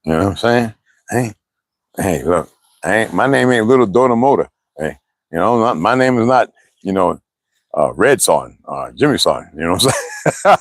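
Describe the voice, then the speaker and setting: Man, rambling live-stream chat, profane and laughing, swooping lively pitch, dry close sound. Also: no echo. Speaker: livestreamer.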